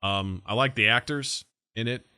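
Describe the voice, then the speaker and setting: Bright-voiced rambling podcast guy. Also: mid-range voice, smooth. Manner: rambling storyteller who drops into quick impressions. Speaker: podcast co-host. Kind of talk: casual chat.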